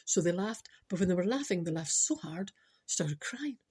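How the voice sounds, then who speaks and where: A Scottish woman in her forties tells a comic story in a chatty, meandering way. She ad-libs freely, breaks off into asides and keeps adding "I know." Her pitch sits in the middle of the female range. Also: lively intonation, normal speed, dark tone, slightly rough. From Scotland. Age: 40s. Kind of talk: rambling comic monologue.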